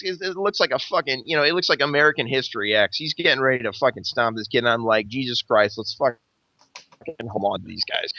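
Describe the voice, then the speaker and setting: Foul-mouthed rambling man with a bright voice. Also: a little high, no room sound. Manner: rambling, swears constantly, animated. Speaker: podcast host. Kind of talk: casual profane storytelling. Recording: dull lo-fi recording.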